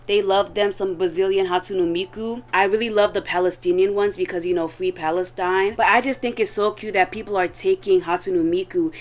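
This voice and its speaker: A young adult woman recapping a story in casual chat, animated and slangy, with lots of fillers. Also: medium pitch, brisk, hardly any pauses. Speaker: video creator.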